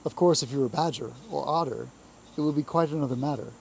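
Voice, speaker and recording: A man's voice: fairly high pitch, quick pace, vocal fry, a little mellow, slight background noise, rough recording. A man voicing a good-natured, brave male water rat in a storybook reading, talking in a soothing, cheerful way.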